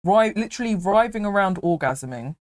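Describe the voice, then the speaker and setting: A woman casually retelling a film, animated and laughing as she acts out the characters. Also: medium pitch, fairly quick.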